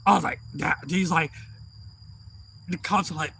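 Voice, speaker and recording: A man's voice: fairly high pitch, normal speed, rough recording. A man telling a wild story on a live stream, whooping, cussing and acting out what people said. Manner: excitable, whooping, acts out quotes and cusses.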